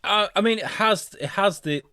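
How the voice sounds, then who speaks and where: A man, co-hosting a podcast in casual, animated chat. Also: sits high, moderate pace, clear, resonant tone, dry recording, studio quality. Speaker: podcast co-host.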